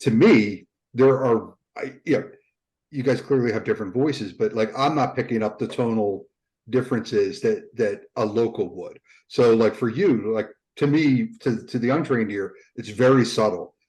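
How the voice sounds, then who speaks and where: A man's voice: medium pitch, normal speed, a little mellow, rough recording. A man from the US Northeast co-hosting a podcast, asking questions in a loose, rambling way. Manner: rambling, many fillers and restarts. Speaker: podcast co-host. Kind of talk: casual podcast chat.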